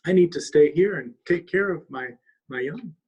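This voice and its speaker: A man's voice: on the high side, normal speed, a little mellow, husky, voice pushed up. A man voicing a smart, cautious mother bluebird who answers politely but firmly, slightly raised from his own voice.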